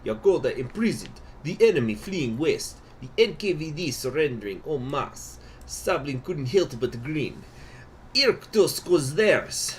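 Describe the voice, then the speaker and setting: A man's voice: on the high side, sing-song, unhurried, slight background noise, voice pushed up. A man reading game event text aloud in a put-on Russian accent, in a theatrical storytelling manner. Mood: dramatic.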